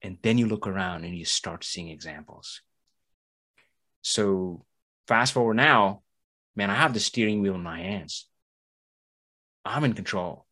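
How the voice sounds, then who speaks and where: A man's voice: on the low side, unhurried, pauses often. A man hosting a podcast, talking in a motivational monologue and acting out the voices of the people he quotes. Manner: animated, acts out quoted voices. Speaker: podcast host. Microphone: studio mic, audio only.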